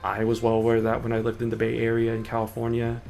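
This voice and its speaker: A man's voice: mid-range voice, monotone, fast talker, gravelly, darkish tone. A young adult man streaming a game, chatting in a rambling way with lots of fillers. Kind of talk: casual gaming chat. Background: faint background music.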